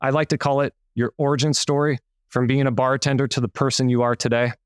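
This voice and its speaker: A man's voice: mid-range voice, flat delivery, fast, clear, resonant tone, no echo, studio quality. A man hosting an interview podcast, upbeat and playful, hyping up his guest. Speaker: podcast host. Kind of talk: scripted intro, then casual interview.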